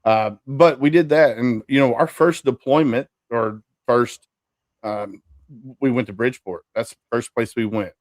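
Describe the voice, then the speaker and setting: A man's voice: mid-range voice, dry recording. A man, telling his story as a podcast guest in an easygoing way. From Kentucky, US. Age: 40s. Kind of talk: casual interview.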